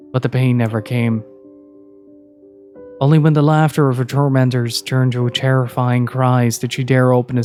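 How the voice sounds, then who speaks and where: A man reading a story aloud in a steady, measured narration. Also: medium pitch.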